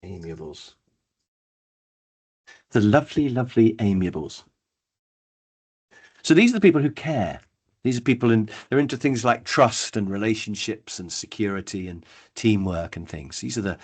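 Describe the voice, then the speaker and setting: A man, running a live online training workshop, chatty and lively, calling on attendees by name. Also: on the low side, moderate pace, breathy edge. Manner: lively, chatty, acts out brief voices, addresses attendees by name.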